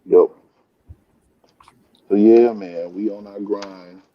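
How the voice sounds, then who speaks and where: A man's voice: on the low side, steady tone, takes it slowly, lo-fi sound. A man hosting a casual live chat from a comic book store, talking on his phone in a laid-back, rambling way and calling everyone "man". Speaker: live stream host, comic collector.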